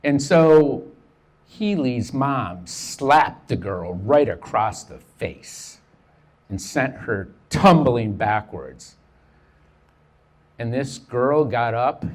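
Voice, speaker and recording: A man's voice: mid-range voice, animated, slow pace. A middle-aged man telling a personal story in a casual, profane way, acting out the dialogue as he goes.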